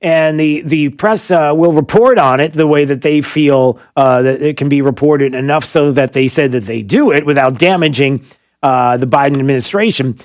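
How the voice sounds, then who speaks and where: A man's voice: fairly high pitch, normal speed, darkish tone, no room sound, studio quality. A man hosting a morning radio talk show, joking and rambling with lots of fillers and restarts. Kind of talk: casual morning radio chat.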